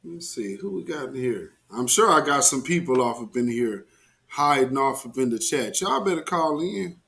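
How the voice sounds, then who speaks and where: A man's voice: mid-range voice, animated, normal speed, creaky, fairly bright tone. A man hosting a casual call-in livestream who laughs easily and talks in a playful, chatty way. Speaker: host.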